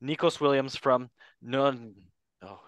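A man's voice: mid-range voice, slow, smooth, no echo. A man hosting a casual panel chat, joking and laughing often as he reads out a list. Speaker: host.

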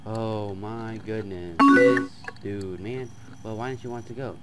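A man playing a chat game on his channel, reading the messages aloud in a flat tone and breaking into loud, excited outbursts. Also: lowish voice, measured pace, over loud music. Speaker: gaming YouTuber. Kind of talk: let's play commentary, reading chat aloud.

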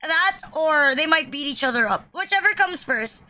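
A woman's voice: high-pitched, lively intonation, moderate pace, pushed and bright. A woman streamer giving casual reaction commentary, blunt, swearing often and joking at her own expense. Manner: blunt, swears often, self-deprecating jokes. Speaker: VTuber streamer reacting to memes.

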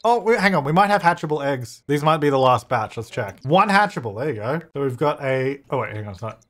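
A man's voice: mid-range voice, sing-song, quick pace, a bit bright. A young man giving casual gameplay commentary, chatty, laughing often and talking back to the characters on screen. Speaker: gaming YouTuber.

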